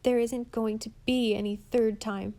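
A young girl cries out in a raised, high-strung voice, stung and passionate, as a woman reading a storybook puts her on. Her pitch climbs well above the narrator's. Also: little pitch movement, measured pace, mellow. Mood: hurt.

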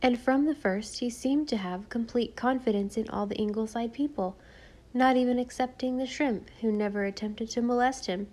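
A woman narrates a children's classic as an audiobook. Her telling is measured and expressive, with a calm, even way of reading. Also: a little high. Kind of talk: scripted narration.

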